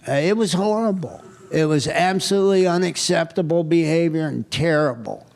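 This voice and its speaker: A man speaking live at a recovery retreat, telling a candid personal story with self-mocking humor. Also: on the high side. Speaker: guest speaker. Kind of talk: recovery meeting share. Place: retreat hall, recorded live.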